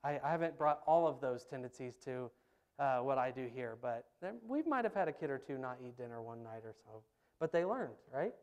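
A man preaching a sermon in church, telling stories in an animated, emphatic way. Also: mid-range voice, a little fast, smooth. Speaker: pastor. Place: church sanctuary.

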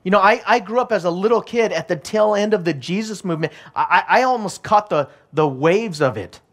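A man's voice: high voice, lively intonation, a little fast. A middle-aged male pastor giving a sermon, moving from a personal story to urgent, repeated exhortation.

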